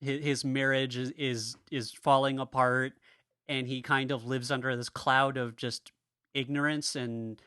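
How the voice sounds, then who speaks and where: A man co-hosts a casual podcast, his voice bright and forward. The sound is dry and close, with no room around it. He rambles, restarts his sentences and laughs as he talks. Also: medium pitch, flat delivery, measured pace, clean tone, no room sound. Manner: rambling, restarts often, laughs while talking. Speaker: podcast co-host.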